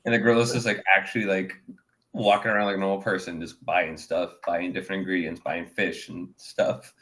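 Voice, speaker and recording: A man co-hosting a casual podcast, chatting about anime in an animated way, often laughing and breaking into loud quoted lines. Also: sits low, fairly quick. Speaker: podcast co-host. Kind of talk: casual chat.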